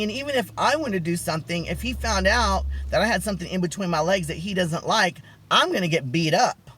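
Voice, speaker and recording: A man vlogging, telling a personal story casually with many fillers, restarts and dramatic pitch swings. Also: lively intonation, quick pace, hardly any pauses, pushed and bright, husky.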